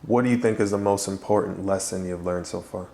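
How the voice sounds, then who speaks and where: A man interviewing a guest, asking short, low-key questions. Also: fairly even intonation, a little fast, mellow, slight background noise. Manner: brief, low-key prompts.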